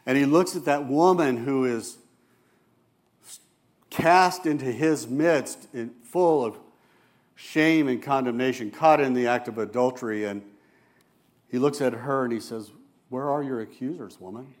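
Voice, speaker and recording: In a measured, frequently pausing delivery, a church elder with a mid-range voice preaches earnestly; gentle quoted words bring his voice down to a quiet softness.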